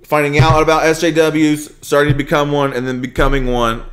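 Young male podcast host, slightly high voice, rambling animated recaps. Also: brisk. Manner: rambling, animated retelling of scenes. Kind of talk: casual movie review chat.

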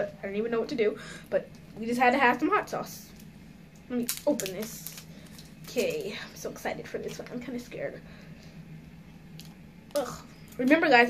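A woman's voice: a little high, a little hiss or hum. A woman chatting casually in a home vlog, giggly and nervous, talking straight to her viewers. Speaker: vlogger. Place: at home indoors.

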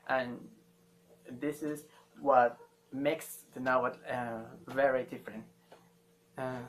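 A man teaching a language lesson, speaking slowly and haltingly and repeating each sound many times for learners. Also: mid-range voice, a little hiss or hum. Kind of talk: slow spoken language lesson.

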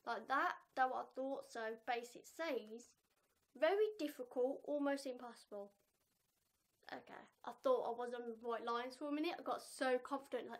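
A young woman with a high, bright-sounding voice chats through a casual reaction vlog. She is animated and pokes fun at herself, breaking into laughter often. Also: normal speed. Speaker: vlogger.

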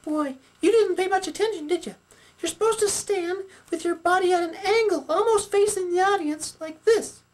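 A man's voice: very high voice, normal speed. A man voicing a bossy, know-it-all female puppet who lectures and scolds in a puppet skit.

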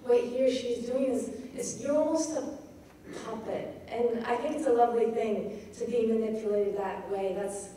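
Soft-toned woman lecturing in an echoey room. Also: fairly high pitch, steady tone. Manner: thoughtful, pauses to search for words. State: feeling cold. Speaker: poetry teacher. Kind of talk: informal lecture on poetry. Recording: distant mic in a very echoey room with faint noise.

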